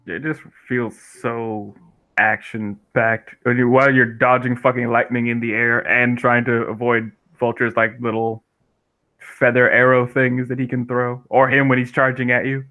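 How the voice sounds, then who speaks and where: A man's voice: mid-range voice, level tone, normal speed, phone-quality sound. A man co-hosting a casual gaming podcast, explaining his views thoughtfully and at length. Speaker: podcast co-host.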